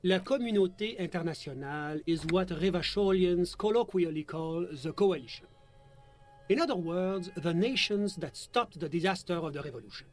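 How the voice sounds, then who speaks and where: Game NPC: a man playing a courteous, formal official with a slightly higher voice, explaining at length. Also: normal speed, soft background music, natural voice. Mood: measured, explanatory. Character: polite male bureaucrat commissioner, formal and measured. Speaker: game character. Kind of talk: video game voice acting.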